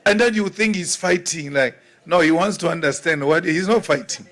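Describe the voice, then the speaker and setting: A man with a South African accent giving a forceful political rally speech, repeating lines for emphasis. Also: sits high, normal speed. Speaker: opposition politician.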